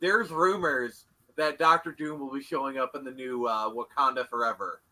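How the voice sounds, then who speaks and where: A man's voice: mid-range voice, moderate pace, pushed and bright, low-quality recording. A man guesting on a casual podcast, chatty and fond of acting out lines.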